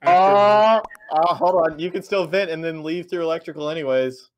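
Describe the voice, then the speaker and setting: A man's voice: a little high, steady tone, normal speed, dull audio. A young man in gaming voice chat, joking and offhand as he casts his vote. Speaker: player.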